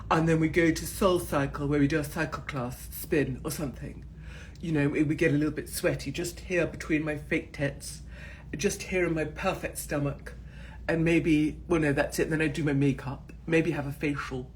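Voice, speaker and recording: A woman's voice: deep voice, normal speed, darkish tone. A woman in her forties with an English accent, ranting to camera in a blunt, profane and mocking casual monologue. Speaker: channel host. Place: in Miami.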